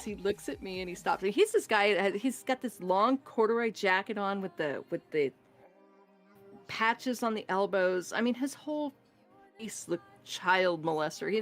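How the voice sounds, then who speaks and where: A woman casually telling a true scary story on a podcast, animated and acting out the voices in it. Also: mid-range voice, unhurried, faint music behind. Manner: animated, acts out voices in her stories, laughs often. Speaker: guest storyteller.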